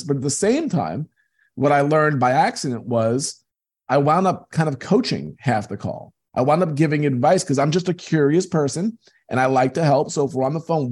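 Husky-voiced man telling earnest stories. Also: on the high side, lively intonation, moderate pace, a little mellow. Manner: earnest, emphatic storyteller. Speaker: interview guest, business coach. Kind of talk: conversational interview.

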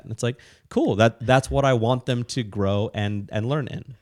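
Low-voiced man explaining parenting ideas. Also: moderate pace, few pauses, no echo, studio quality. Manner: rambling, animated, frequent restarts and quoted asides. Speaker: podcast co-host, parent. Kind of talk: casual conversational explaining.

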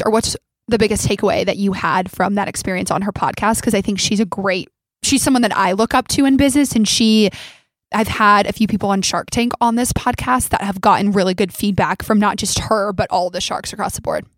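A woman's voice: medium pitch, brisk, no room sound. A woman hosting a podcast interview, asking questions and affirming the guest with short replies. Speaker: podcast host. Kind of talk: casual interview.

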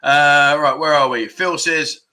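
Man, casual livestream host, chatty rambling delivery, slightly higher voice, very bright tone. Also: a little slow, rough recording. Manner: animated, chatty, jokey, rambling. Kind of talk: casual livestream chat reading comments.

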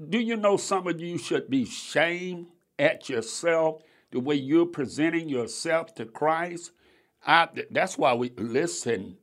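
Preacher, male, fairly high voice, slow deliberate sermon delivery with a swelling cadence. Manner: rising and falling preaching cadence, addresses believers; stretches scripture readings slowly, then rushes asides.

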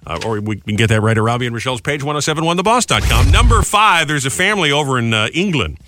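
A man's voice: mid-range voice, expressive, fast talker, sharp tone, slight background noise. A man co-hosting a morning radio show, telling funny news stories in a playful, joking way.

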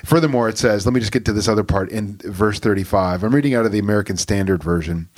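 A man's voice: fairly low pitch, quick pace. A man, a pastor, in casual podcast talk, rambling with many fillers and reading scripture aloud.

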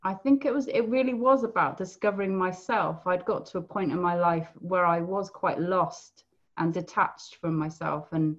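A woman with a British accent, answering interview questions in a soft, reflective way. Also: on the low side, normal speed, muffled recording. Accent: British English. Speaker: podcast guest, equine coach. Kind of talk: conversational interview.

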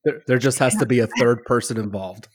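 A man's voice: medium pitch, brisk, no room sound. A man co-hosting a casual podcast, teasing and playful with his friends. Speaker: podcast co-host. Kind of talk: casual chat.

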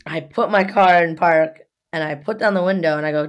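Speaking a little fast in a voice on the low side, a young female podcast co-host launches into a profane, heated story during casual conversation.

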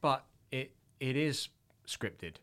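A man's voice: mid-range voice, lively intonation, takes it slowly, fairly bright tone, clean tone. A man hosting a podcast, talking casually and hesitantly with many restarts.

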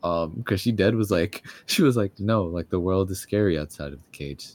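Young guy, lowish voice, dry sound, chatty anime recap full of laughs and quoted lines. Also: moderate pace, no echo. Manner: laughs often, acts out characters in quotes. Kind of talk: casual chat recapping an anime.

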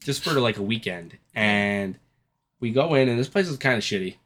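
A man's voice: fairly low pitch, expressive, normal speed, fairly bright tone. A man co-hosting a casual podcast chat, telling a rambling story full of swearing and acting out the people he quotes. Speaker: podcast co-host.

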